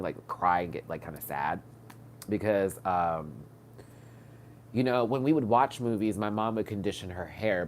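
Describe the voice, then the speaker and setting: A man's voice: on the low side, a little mellow, slight background noise. A man hosting a live stream, stuffed up from crying, telling rambling personal stories with lots of fillers and restarts. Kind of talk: casual personal storytelling. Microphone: webcam or phone mic on a live stream.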